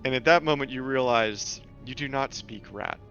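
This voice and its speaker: A man's voice: medium pitch, normal speed, a bit bright, clean tone, lo-fi sound, soft background music. A man running a tabletop game, narrating scenes casually with fillers. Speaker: game master.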